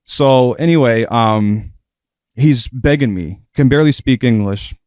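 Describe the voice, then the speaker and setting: A man's voice: mid-range voice, unhurried, darkish tone, no echo, studio quality. A man who is a former prison officer tells a story as a guest in a casual podcast interview. His talk is blunt and profane, full of fillers.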